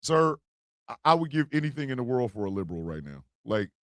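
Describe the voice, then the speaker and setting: A man hosting a comedic live stream, joking loudly and swinging between shouts and mutters. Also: mid-range voice, big pitch swings, fast talker, no room sound. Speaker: livestream host.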